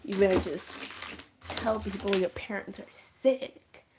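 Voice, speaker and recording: Creepy commanding aunt with slow, drawn-out threats, a woman doing the voice. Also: heavy background noise, lightly acted. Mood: menacing. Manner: threatening, commanding, sometimes sing-song high. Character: sinister controlling aunt, older woman, menacing.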